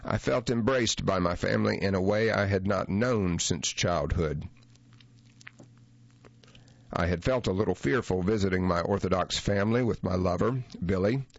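A man with a very low voice reads a memoir as an audiobook, measured and reflective in his delivery. The recording is close and dry, with a slightly dull, muffled tone to it. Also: creaky, no room sound. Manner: measured, reflective first-person reading. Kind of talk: audiobook narration of a memoir essay.

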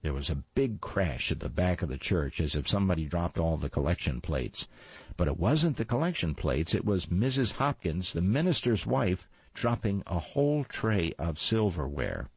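A man reads a storybook in a very low, husky voice, wry and lively, with plenty of rise and fall. The recording is dry and slightly dull. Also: normal speed, dry recording. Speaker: narrator. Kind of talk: storybook reading.

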